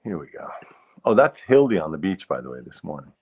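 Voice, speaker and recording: A man hosting a casual solo livestream, rambling and punning, often interrupting himself and clearing his throat. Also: sits low, phone-quality sound. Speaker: livestream host.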